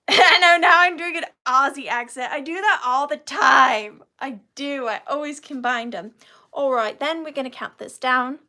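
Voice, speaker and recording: A woman from Georgia in the US hosts an online live vintage sale, her high-pitched voice sharp in tone and moderate in pace. She chats casually and rambles happily, giggling and addressing viewers by name as she sells.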